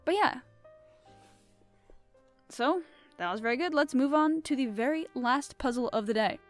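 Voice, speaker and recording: A woman's voice: sits high, expressive, moderate pace, soft background music. A young woman hosting a show, chatting casually and giggling as she reads mystery puzzles aloud, rambling with many fillers. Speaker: podcast host.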